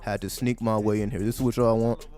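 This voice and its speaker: A man's voice: on the low side, little pitch movement, quick pace, warm tone. A man giving casual livestream commentary, profane and sarcastic, firing off repeated rhetorical questions. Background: faint background music.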